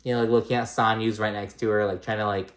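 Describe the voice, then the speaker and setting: Casual reality-show recap host, chatty, swears, lots of fillers, middle pitch. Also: little pitch movement, quick pace. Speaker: recap vlogger.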